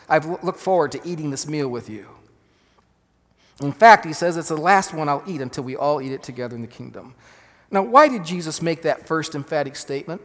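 Male pastor, earnest emphatic sermon delivery, slightly high voice, reverberant sanctuary. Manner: earnest, emphatic preaching with self-corrections. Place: church sanctuary. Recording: long reverb of a church hall.

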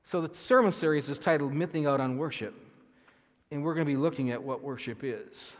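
Earnest pastor preaching in a reverberant hall. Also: male voice, on the high side. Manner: earnest, halting with frequent restarts, reading scripture slowly with emphasis. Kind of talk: sermon.

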